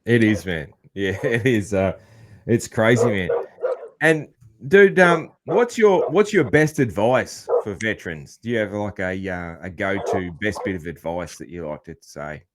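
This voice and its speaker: A man's voice: on the low side, expressive, a little slow, noisy background. Laid-back Australian man hosting a podcast. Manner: laid-back, rambling, many fillers and "man". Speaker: podcast host. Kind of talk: casual interview chat.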